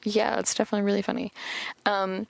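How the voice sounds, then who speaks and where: A woman's voice: medium pitch, little pitch movement, fast talker, gravelly. A young woman hosting a podcast, recapping a cartoon episode in a rambling, chatty way full of fillers. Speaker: podcast host.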